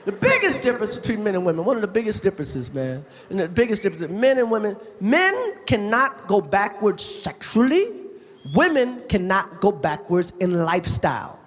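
A man performing a profane stand-up comedy set in front of a live audience, with a loud, punchy delivery. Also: sits high. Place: large theater stage with live audience. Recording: echoey live venue, crowd noise.

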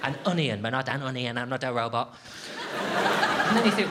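Animated, sweary male comedian. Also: mid-range voice, normal speed, long pauses. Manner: sweary, exasperated, animated storytelling. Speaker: stand-up comedian. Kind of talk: stand-up comedy routine. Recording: loud background noise.

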